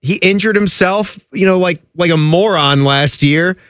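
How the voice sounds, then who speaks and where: A man on a sports talk show, chatting casually and laughing easily. His voice sits on the higher side for a man, and the mic is close and dry with no room sound. He jokes around and tosses in quick asides. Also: fairly bright tone, dry recording. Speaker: sports radio co-host.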